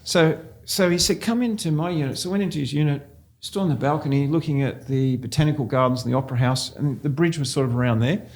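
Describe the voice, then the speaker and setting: A man's voice: a little high, fast, few pauses. An Australian man, a real estate agent, telling anecdotes in a casual interview and often laughing as he goes. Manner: animated storyteller, laughs while telling anecdotes.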